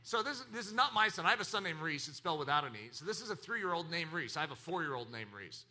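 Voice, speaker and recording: Man, pastor preaching a sermon, high voice, very animated pitch, dramatic loud and soft swings. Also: quick pace. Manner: animated preaching with acted laughter and quoted voices.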